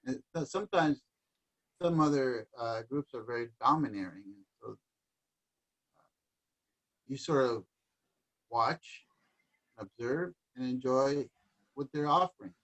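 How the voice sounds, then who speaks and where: A man talks through ideas in a relaxed, reflective way, now and then reaching for a Spanish word. His voice sits in an ordinary middle pitch. He comes across as an easygoing guest speaking on a livestream. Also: slow, long pauses, poor audio. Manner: reflective, sprinkles in Spanish words. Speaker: guest musician and dancer. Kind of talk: casual conversation. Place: home livestream.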